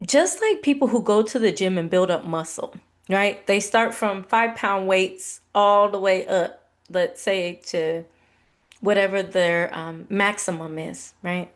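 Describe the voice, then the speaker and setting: A woman in her thirties, a podcast host, casually telling a personal faith story in a conversational, animated way. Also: mid-range voice. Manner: conversational, animated retelling with laughs.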